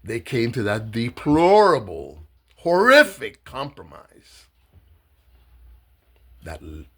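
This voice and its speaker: Emphatic man with slow lively delivery. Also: medium pitch. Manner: emphatic, dramatic pauses, voices others' words. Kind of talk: impassioned speech.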